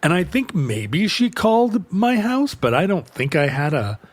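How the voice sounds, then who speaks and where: A man co-hosting a podcast, telling a long rambling work story in casual chat, jumping high when he quotes people. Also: sing-song, measured pace. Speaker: podcast co-host.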